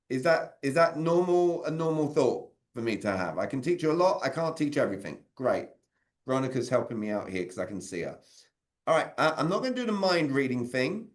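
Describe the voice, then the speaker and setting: A man, leading an interactive sales communication training over a video call and quizzing his audience. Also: sits high. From Britain. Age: 40s. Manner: energetic, quizzes the audience with quick questions.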